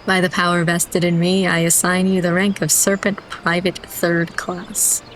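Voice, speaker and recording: A woman's voice: fairly low pitch, level tone, a little slow, fairly bright tone, a little hiss or hum, low-quality recording. A woman reading as a solemn military officer. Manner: stately, solemn read-aloud delivery. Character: formal military officer swearing in a recruit. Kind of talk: reading game dialogue aloud.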